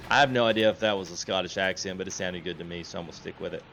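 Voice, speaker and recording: A man's voice: deep voice, expressive, fast, fairly bright tone, dull audio, a little hiss or hum. A man hosting a gaming livestream, chatting casually and reading chat aloud. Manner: chatty, laughs often, reads chat aloud.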